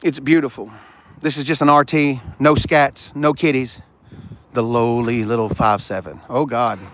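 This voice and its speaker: A man's voice: mid-range voice, steady tone, normal speed, slight background noise. A middle-aged man joking and teasing as he shows cars around a car lot. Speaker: car dealership vlogger. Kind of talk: casual walkaround chat.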